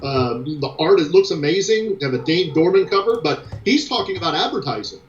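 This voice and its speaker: A man's voice: a little high, animated, brisk, a little hiss or hum. An American man, a guest in a casual interview, rambling with many fillers. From United States. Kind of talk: casual chat. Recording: echoey, dull lo-fi audio.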